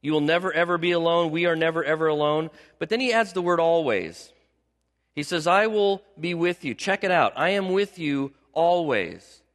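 A man's voice: on the high side, expressive, normal speed, a bit bright. A man preaching a sermon as pastor. He talks conversationally, repeats key words for emphasis, and asks his congregation questions. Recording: long hall reverb.

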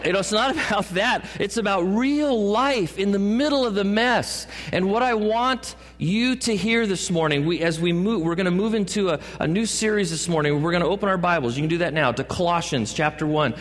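Joking pastor preaching in an echoing hall. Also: male voice, sits high, a little fast, few pauses, fairly bright tone. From California. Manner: joking asides and playful put-on voices. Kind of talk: sermon. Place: church sanctuary. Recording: long church hall reverb.

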